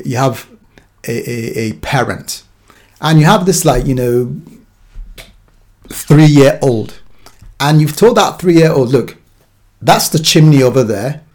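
A man's voice: mid-range voice, a little mellow. Guy giving a sermon, chatty and easygoing, mid voice. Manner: conversational, with acted-out asides. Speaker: preacher.

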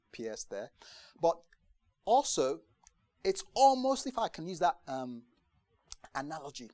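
A man preaching a conversational sermon to a congregation, lively and chatty, acting out the voices he quotes and often asking if they understand. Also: a little high, no echo. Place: church gathering in the UK.

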